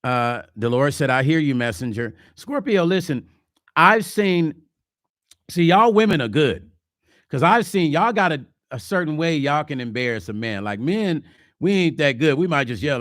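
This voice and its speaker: A man hosting a casual livestream vlog, reading viewer comments and talking relationships in a chatty, animated way. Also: fairly high pitch, normal speed, dry recording, studio quality. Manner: chatty, animated, slips into mock quotes. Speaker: vlog host.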